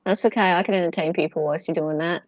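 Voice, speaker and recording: A woman's voice: on the low side, quick pace, no echo. A woman co-hosting a casual stream, chatty and telling stories with plenty of laughter. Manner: chatty, animated storyteller with laughs. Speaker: stream co-host. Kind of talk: casual chat. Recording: dull dry lo-fi sound.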